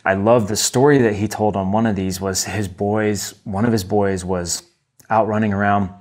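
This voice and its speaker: A man's voice: fairly low pitch, steady tone, moderate pace. A man in his thirties from the United States, hosting a podcast and talking enthusiastically through a book review, with many fillers and restarts. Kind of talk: casual solo book review.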